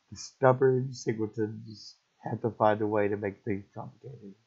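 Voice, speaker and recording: Middle-aged man, husky and raw, telling a painful story in fits and starts; muffled lo-fi recording. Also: on the low side, steady tone, a little mellow. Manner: halting, repetitive, raw. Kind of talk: emotional personal story. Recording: dull lo-fi recording.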